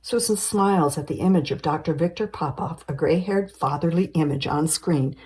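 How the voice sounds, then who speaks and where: A woman's voice: deep voice, normal speed, darkish tone, breathy edge, rough recording. A woman screenwriter reading a screenplay aloud, giving stage directions plainly and evenly.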